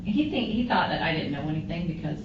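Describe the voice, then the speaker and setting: A woman's voice: low voice, fast. Woman recounting events, muffled and distant. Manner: rambling, animated retelling with quoted dialogue. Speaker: witness interviewed by police. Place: police interview room. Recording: roomy, muffled, noisy, distant interview room recording.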